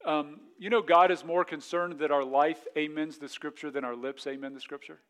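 Man, pastor, sermon, slightly high voice, slow scripture reading, rhetorical questions. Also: fairly even intonation, a bit bright. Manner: reads scripture slowly, then rises and presses with rhetorical questions; repeats words as he builds a point.

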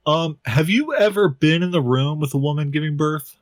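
A man's voice: fairly high pitch, moderate pace, dry recording. A man co-hosting a podcast, hesitant and full of ums, teasing his co-hosts. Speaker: podcast co-host. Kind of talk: casual podcast chat.

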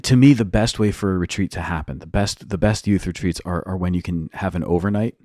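Low-voiced man explaining earnestly. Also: a little fast, a little mellow, no echo, clean studio sound. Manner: earnest, rambling explanations with many restarts. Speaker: podcast co-host, youth minister and teacher. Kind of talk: casual podcast chat.

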